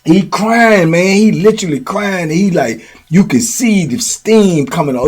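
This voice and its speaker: Animated man telling prison stories. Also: high-pitched, unhurried, breathy edge. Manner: animated, slangy, repeats himself a lot. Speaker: storyteller host. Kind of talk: casual storytelling.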